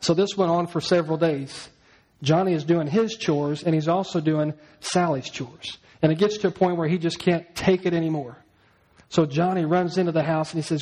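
A man's voice: fairly high pitch, steady tone, brisk, a little mellow, poor audio. A male pastor preaching a sermon, telling a story and asking the congregation questions.

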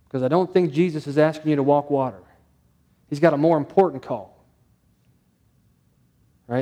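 A man's voice: fairly high pitch, a little mellow. A male pastor preaching a sermon, stressing points through repetition and rhetorical questions.

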